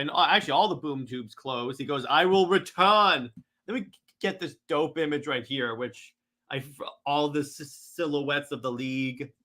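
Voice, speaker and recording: Excitable man rambling about comics. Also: a little high. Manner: excitable, rambling, many fillers and restarts. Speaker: comic reader. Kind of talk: casual comic recap.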